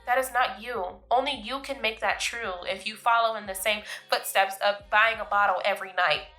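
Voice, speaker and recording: A woman hosts her vlog with faint music in the background, offering casual, emphatic life advice straight to camera and often laughing as she calls her listeners "boo." Her mid-range voice is bright and forceful, with fairly even intonation and a normal pace.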